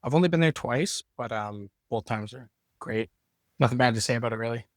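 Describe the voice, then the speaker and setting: Man, podcast guest, rambling, relaxed, mid pitch, dry room. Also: fairly quick, no echo. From Canada. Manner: rambling, relaxed, loses words. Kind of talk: casual conversation. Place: backpackers hostel.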